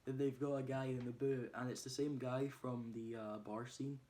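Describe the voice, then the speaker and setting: A man's voice: medium pitch, flat delivery, moderate pace, mellow. A man casually retelling a film plot, hesitating often with ums and uhs. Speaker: movie reviewer.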